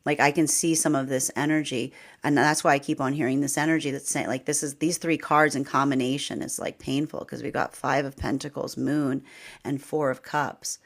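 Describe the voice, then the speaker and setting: A woman's voice: a bass voice, flat delivery, normal speed, vocal fry. A woman reading tarot cards and talking through the energy in a chatty way, full of "like" and "right?", with frequent laughs. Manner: chatty, repeats herself, laughs often, says "right?" and "like". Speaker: tarot reader. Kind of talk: casual spiritual talk.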